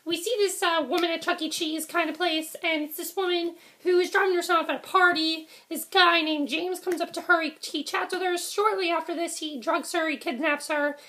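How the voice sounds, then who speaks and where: Young woman, high pitch, chatty rambling reviewer who keeps correcting herself and saying sorry. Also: steady tone, moderate pace, hardly any pauses, bright, forceful tone. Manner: rambling, self-correcting, frequent ums and apologies. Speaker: TV episode reviewer. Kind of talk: casual video review.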